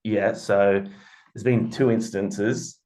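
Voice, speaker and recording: Low-voiced man telling stories. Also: slow pace. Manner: animated, swears freely. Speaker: podcast co-host. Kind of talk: casual storytelling.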